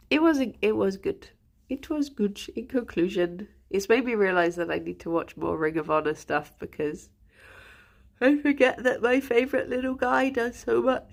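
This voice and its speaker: A woman's voice: medium pitch, creaky. A woman streaming, chatting casually and laughing often between fillers. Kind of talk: casual chat.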